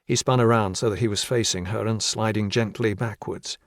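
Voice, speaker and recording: Steady male audiobook narrator. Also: lowish voice, no echo, studio quality. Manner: steady, measured reading. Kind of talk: scripted narration.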